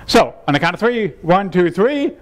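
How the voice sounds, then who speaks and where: High, animated man leading a seminar. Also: normal speed. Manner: playful, laughing, coaxing the audience through exercises. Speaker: seminar leader. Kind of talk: humorous seminar workshop. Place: seminar room with an audience.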